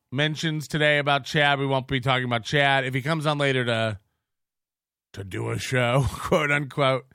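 Bright-voiced, profane male livestream host. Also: on the high side, clear, resonant tone, no room sound, clean studio sound. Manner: rambling, profane, self-mocking. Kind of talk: casual livestream chat.

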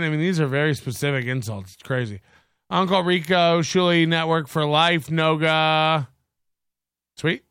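Sardonic man with a bright, tense voice. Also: on the high side, clean tone, dry recording, clean studio sound. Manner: sardonic, mocking asides, reads chat comments aloud. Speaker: stream host reacting to clips. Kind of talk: casual live-stream commentary.

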